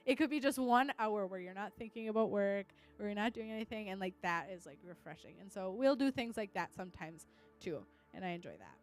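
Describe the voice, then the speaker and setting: A woman's voice: medium pitch, expressive, brisk, soft background music. A young woman, a teacher, tells a church gathering about her students in a casual, chatty way. She leans on "like" and slips in Spanish words. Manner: chatty, full of "like" fillers, drops in Spanish words. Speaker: teacher giving a testimony. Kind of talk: casual testimony to an audience.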